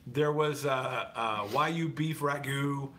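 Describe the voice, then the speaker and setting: A man's voice: medium pitch, slow pace, sharp tone, a little hiss or hum. A man co-hosting a casual show, telling a teasing story to viewers. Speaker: podcast co-host. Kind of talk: casual chat with live viewers.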